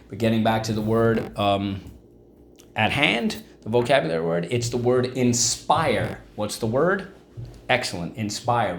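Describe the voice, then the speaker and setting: A man's voice: fairly low pitch, a little hiss or hum. A man teaching a vocabulary lesson, repeating words syllable by syllable and asking the class questions. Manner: asks class-style questions like "What's the word?".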